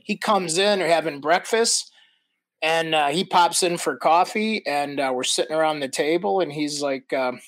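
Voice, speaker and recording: An older man from the American Midwest, a podcast guest telling stories in a casual, animated way, laughing as he acts out quotes. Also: a little high, normal speed, no echo. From Midwestern United States. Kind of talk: casual storytelling.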